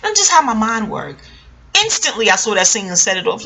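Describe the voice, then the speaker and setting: A woman's voice: fairly high pitch, sing-song, fast talker, pushed and bright. A woman giving a casual, rambling TV episode review, joking and scattered, with frequent asides and free swearing. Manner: swears freely. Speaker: TV recap vlogger.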